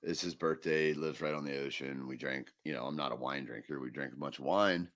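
Co-hosting a podcast, a man tells a long funny story in casual chat, laughing through the punchlines. His voice is extremely low in pitch yet fairly bright in tone, and he speaks fairly quickly.

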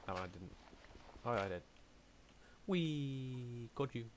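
A man's voice: deep voice, quick pace, fairly bright tone, a little hiss or hum. A young man giving casual let's-play commentary, chatty, talking to himself and humming as he plays. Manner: chatty, talks to himself, hums and mutters while playing. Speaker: gaming YouTuber.

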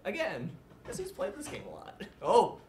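A young man co-hosting a live gaming show, calling out his own play with excitement. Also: high voice, normal speed, echoey room, a little hiss or hum. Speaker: co-host. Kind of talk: casual banter while gaming.

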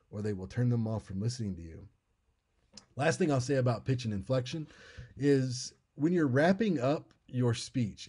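A man's voice: mid-range voice, dark tone, husky. An American man giving an informal lecture on public speaking, conversational and repeating his key points.

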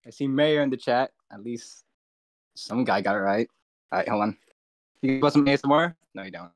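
A young man covers a live stream's chat as the streamer's friend, flustered and cracking jokes to himself in casual conversation. His medium-pitched voice moves at normal speed, with no echo in the recording.

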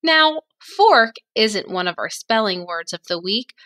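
A woman teaching a phonics lesson to young children, enunciating slowly and drawing out each sound. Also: fairly high pitch, very animated, a bit bright. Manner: slow, clearly enunciated, drawn-out sounds.

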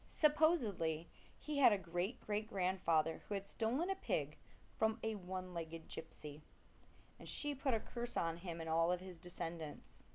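A woman reading a children's novel aloud, steady storytelling that slows down to stress repeated refrains. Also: on the low side, slight background noise. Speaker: reader.

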